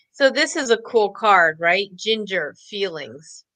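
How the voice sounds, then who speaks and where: A woman's voice: medium pitch, fairly bright tone, dry recording, poor audio. A woman co-hosting an online show, chatting casually and upbeat while pulling cards and laughing often. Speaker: co-host doing card readings.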